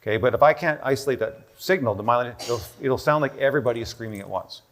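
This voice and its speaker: A man giving an explanatory talk on stage in a busy room. He lectures at an even, mid pitch and thinks out loud as he goes. He keeps checking in with his listeners by saying "okay?". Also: fast talker. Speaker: doctor presenting a health protocol. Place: busy room with a live audience.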